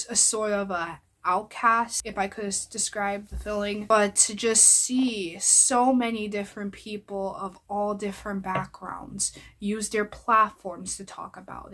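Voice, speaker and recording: A woman's voice: medium pitch, a bit bright. A young adult woman speaking earnestly and heartfelt to her viewers as a vlogger. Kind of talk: personal address to viewers.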